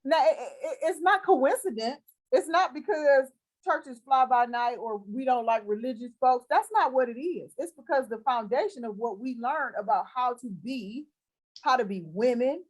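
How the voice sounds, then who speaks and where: Lively woman host, bright high voice. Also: normal speed, poor audio. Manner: lively, laughs often, earnest when praying. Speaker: podcast host. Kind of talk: casual chat and spoken prayer.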